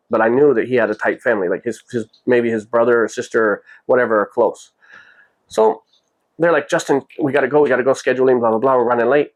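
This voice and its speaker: Fast-talking man telling a story. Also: medium pitch. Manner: rambling, full of "you know" and quoted dialogue. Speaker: vlog host. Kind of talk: casual storytelling.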